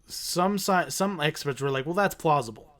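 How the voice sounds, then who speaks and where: A man's voice: a little high, moderate pace, a bit bright. A man co-hosting a podcast who reads out a story in casual chat, joking and swearing and laughing often.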